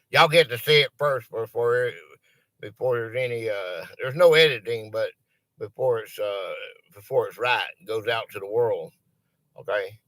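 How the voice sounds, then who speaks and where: A man's voice: medium pitch, a little slow, long pauses, pushed and bright, no echo. A man hosting a live stream, chatting casually and greeting viewers by name.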